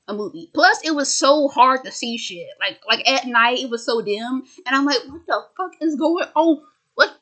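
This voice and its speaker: A woman with a slightly high voice rambles through a casual movie review in a small room at home. She is sarcastic and swears freely. She stumbles and restarts her sentences often. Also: fairly bright tone.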